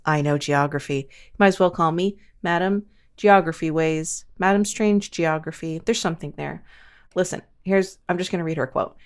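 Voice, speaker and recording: A woman's voice: sits low, normal speed, smooth. A woman hosting a paranormal podcast, chatting casually and making self-mocking asides to listeners. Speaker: podcast host. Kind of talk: casual podcast chat and reading news quotes.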